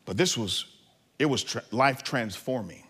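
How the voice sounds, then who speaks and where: A man preaching as a pastor, telling a family story with lively asides to the congregation. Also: mid-range voice, unhurried, breathy edge. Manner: animated, acts out family scenes. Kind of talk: sermon.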